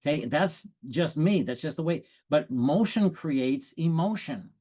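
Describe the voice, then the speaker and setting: A man giving an energetic, conversational sales training talk on a video call, often restarting his sentences. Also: fairly high pitch, unhurried.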